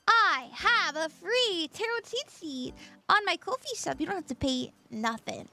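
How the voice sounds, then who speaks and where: A woman's voice: very high voice, lively intonation, a little slow, pushed and bright, soft background music. A bubbly, giggly woman chatting casually with her livestream audience as a tarot reader, just woken up. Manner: bubbly, giggly, greets chat by name. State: just woke up.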